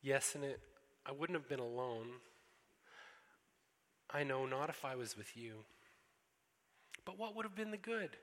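Preacher putting on a breathless, apologetic young girl; high, bright, reverberant hall. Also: expressive, measured pace, pauses often. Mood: pleading. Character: anxious young girl pleading with a lion. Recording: echoey hall.

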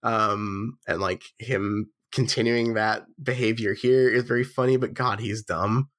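A man co-hosting a podcast, sounding nasal with the flu, chatting in a wry, sweary way. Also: a little slow. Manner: wry, sweary, lively pitch swings. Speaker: podcast co-host. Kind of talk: casual chat.

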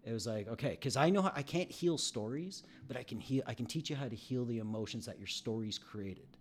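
A man's voice: mid-range voice, fairly quick, slight background noise. A middle-aged man, an emotional recovery coach, talking candidly in a casual interview and acting out bits of dialogue as he tells stories.

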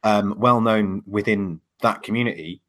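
A man's voice: fairly low pitch, unhurried, fairly bright tone. A man in casual podcast chat, talking hesitantly with many fillers and restarts.

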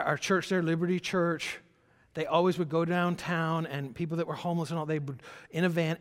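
A male pastor, a little high-pitched for a man, tells a sermon story in an easy, conversational way. He stumbles through restarts and fillers. His voice carries a long reverb, as if recorded in a church sanctuary.

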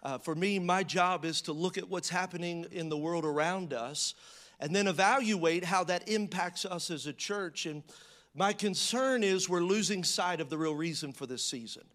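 A man with a notably high voice gives a sermon. He chats with the congregation and tells a funny story in an easy, conversational style before turning serious. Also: normal speed, fairly bright tone. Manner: conversational and joking, telling stories to a congregation. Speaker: pastor.

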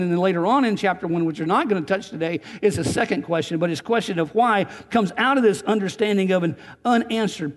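A man preaching a sermon in a church, earnest, often repeating and restarting words as he presses his points. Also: sits high. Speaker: pastor. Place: church sanctuary. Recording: church sanctuary with long reverb.

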